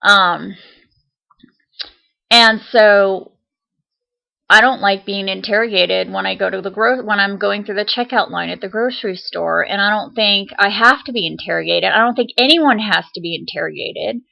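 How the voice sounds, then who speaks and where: Woman, casual vlog rant, chatty, indignant, gravelly fry, lo-fi muffled audio. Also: medium pitch, moderate pace. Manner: chatty and indignant, many fillers and restarts. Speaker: vlogger.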